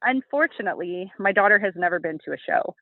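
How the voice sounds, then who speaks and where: A woman in her thirties, a guest on an interview show, telling stories animatedly and acting out quotes in a high voice. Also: animated, fast, no room sound. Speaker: podcast guest, bodybuilding competitor. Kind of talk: casual interview chat. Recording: tinny phone-like line, dry.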